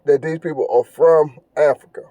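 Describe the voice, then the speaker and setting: Earnest, preachy man with a dark tone. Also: a little high, steady tone, moderate pace, no echo, muffled recording. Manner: earnest, preachy, repeats phrases, stumbles with fillers. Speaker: podcast host. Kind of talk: casual monologue commentary.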